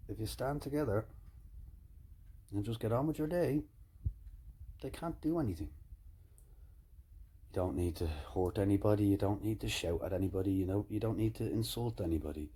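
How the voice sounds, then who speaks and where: A man's voice: fairly low pitch, normal speed, pauses often, warm tone, husky. A man giving a fireside monologue with emphatic, repetitive phrasing and occasional swearing. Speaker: commentator.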